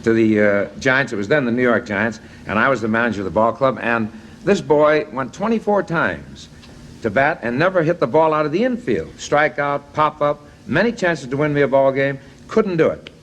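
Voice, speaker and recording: A middle-aged man, a baseball manager and guest on a TV talk show, telling blunt, jokey anecdotes in animated chat. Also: mid-range voice, normal speed, a little hiss or hum.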